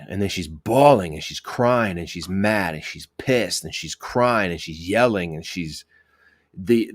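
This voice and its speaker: A police officer telling a work story in a rambling, profane way, with many restarts. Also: male voice, low-pitched. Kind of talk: casual podcast storytelling.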